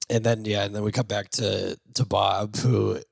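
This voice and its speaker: Podcast co-host, male, gravelly and animated, acting out scenes in a dry room. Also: fairly low pitch, moderate pace, no room sound. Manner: animated retelling, acts out lines, laughs often. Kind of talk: casual movie review chat.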